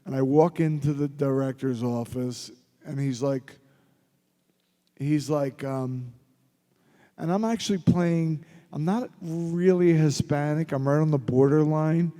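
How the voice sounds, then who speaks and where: A man's voice: on the high side, unhurried, mellow. A man from Philadelphia telling rambling, joking anecdotes as a guest at a convention panel Q&A. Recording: reverberant convention hall.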